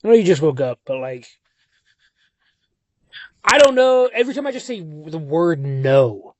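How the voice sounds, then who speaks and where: A man's voice: on the high side, big pitch swings, unhurried, a little mellow, no echo, lo-fi sound. A young man leaving a long, rambling and profane voice message from his car at night, dazed and worn out, drifting from one thought to the next. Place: inside a car on a country road at night. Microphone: phone.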